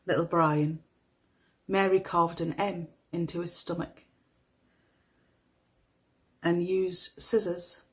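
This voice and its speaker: Slow, measured woman with a soft Northeast English accent. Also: on the low side, low-quality recording. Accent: toned-down Northeast English. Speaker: podcast host. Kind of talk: true crime narration.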